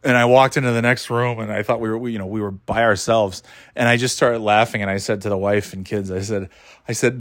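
A man's voice: fairly low pitch, fairly even intonation, brisk, dry recording, clean studio sound. A man telling a rambling, profane story in a casual, exasperated way, laughing as he goes.

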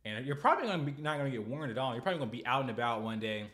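A young American man hosting political commentary, ranting in a sarcastic, heated way with loud bursts and halting restarts. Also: mid-range voice, expressive, reverberant. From United States. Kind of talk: casual commentary, ranting to camera.

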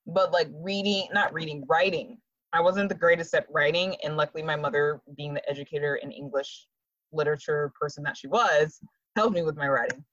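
A woman's voice: lowish voice, no echo, dull audio. A woman in her thirties chatting as a guest, telling stories with frequent laughter. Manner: laughs often, animated storytelling. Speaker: podcast guest. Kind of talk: casual chat.

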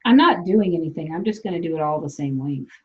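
A woman's voice: sits low, lively intonation, quick pace, lo-fi sound. A woman from South Dakota hosting a podcast, chatting loosely and laughing as she acts out what people say. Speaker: podcast host. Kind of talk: casual chat.

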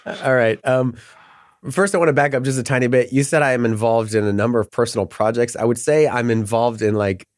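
A man's voice: mid-range voice, fairly even intonation, brisk, no echo, clean studio sound. A middle-aged man talking as a podcast guest in casual, rambling chat, often laughing mid-sentence.

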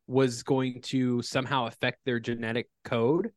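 A man's voice: mid-range voice, little pitch movement, measured pace, no echo, studio quality. A young man co-hosting a podcast, chatting casually and bluntly with some swearing. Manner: blunt, curses, jokes around. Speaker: podcast co-host. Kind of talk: casual chat.

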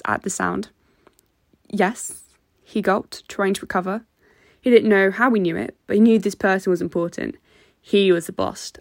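A woman narrating a fan fiction story in a steady storytelling voice. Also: mid-range voice, creaky, no room sound. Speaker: reader.

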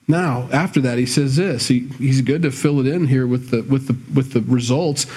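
A man's voice: medium pitch, normal speed, hardly any pauses, darkish tone, slightly rough. A male pastor preaching a sermon in a church, talking plainly to the congregation and building to emphatic bursts. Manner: conversational preaching, rising to emphatic scolding bursts.

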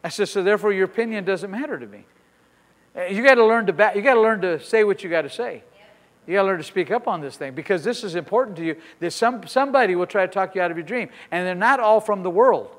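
A middle-aged man pastor preaching a sermon with personal stories, swinging between soft asides and loud emphatic declarations. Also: high-pitched, lively intonation, fast, long reverb tail.

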